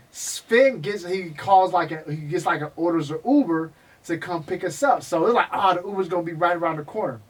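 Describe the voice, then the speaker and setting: A man telling stories in a casual interview, animated and profane, acting out the people he quotes. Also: high-pitched, far from the mic, low-quality recording. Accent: Texan. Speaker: guest, MMA historian.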